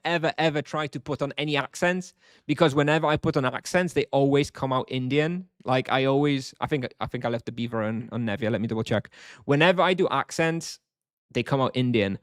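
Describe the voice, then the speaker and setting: A man's voice: medium pitch, fairly bright tone, no echo. Chatty live-streaming man, dry close sound. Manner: rambling, reads chat aloud and answers. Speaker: game streamer. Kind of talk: casual live-stream chat.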